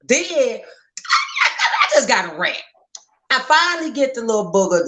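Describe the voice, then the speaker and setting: A woman's voice: medium pitch, brisk. A middle-aged woman from St. Louis with a local accent, telling family stories in casual podcast chat and acting out the voices in her quotes. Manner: animated storyteller, acts out voices in quoted dialogue.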